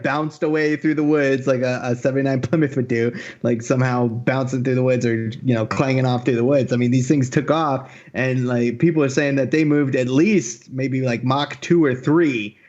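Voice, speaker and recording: A man's voice: mid-range voice, fairly even intonation, brisk, a little mellow, muffled recording. A man co-hosting a podcast in casual chat, rambling with many fillers and restarts. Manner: rambling, hesitant, laughs often. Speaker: podcast co-host.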